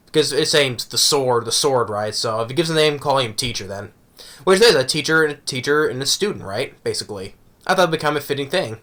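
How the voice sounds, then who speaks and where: A man with a bright, forward voice talks through an anime episode in a loose, casual review. He rambles and circles back, often checking in with a quick "right?". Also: medium pitch, expressive.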